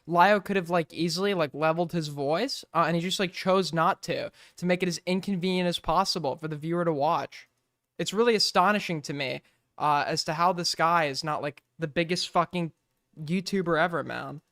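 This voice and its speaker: A man's voice: fairly high pitch, brisk, fairly bright tone, no room sound, studio quality. A man streaming and reacting to a clip, speaking casually with joking, sarcastic rambling and frequent swearing.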